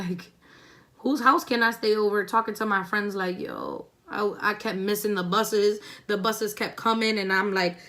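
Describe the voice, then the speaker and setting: A woman's voice: medium pitch, moderate pace, sharp tone. A young woman vlogger who tells a story in a chatty, laid-back way while doing her makeup, swearing freely. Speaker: beauty vlogger.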